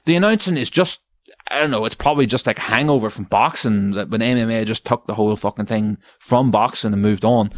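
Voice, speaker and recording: A man hosting a podcast, sweary and exasperated, ranting and climbing into high shouts. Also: fairly quick, no room sound. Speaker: podcast host. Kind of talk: ranting comedic podcast segment.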